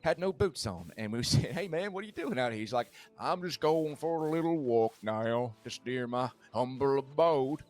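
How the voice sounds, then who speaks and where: A man's voice: medium pitch, expressive, moderate pace, hardly any pauses, a little mellow, lightly acted. A man playing a nervous, self-deprecating frontier man who rambles and swears in a western roleplay. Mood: chatty.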